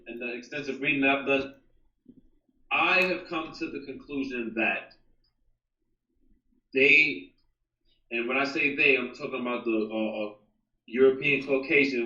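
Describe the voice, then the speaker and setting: A man calling in as a guest, arguing in a measured, hesitant way with many pauses and fillers. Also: mid-range voice, bright, forceful tone. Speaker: call-in guest. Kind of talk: debate over a call. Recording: dull, roomy, distant call audio.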